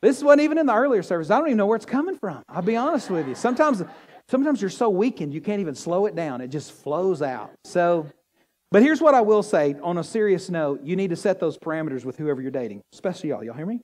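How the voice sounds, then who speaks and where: A man preaching a sermon as pastor, animated and joking with the congregation. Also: high voice, fast talker. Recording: long hall reverb.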